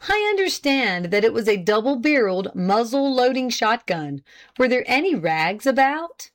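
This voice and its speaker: A woman voicing a formal male prosecutor who questions a witness deliberately and pointedly. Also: on the high side, sing-song. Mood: probing.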